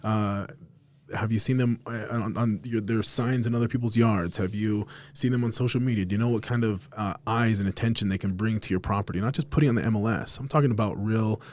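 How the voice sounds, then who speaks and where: A man's voice: fairly low pitch, steady tone, fairly quick, darkish tone. A man hosting a casual podcast chat, blunt and emphatic, swearing often as he makes his points. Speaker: podcast host.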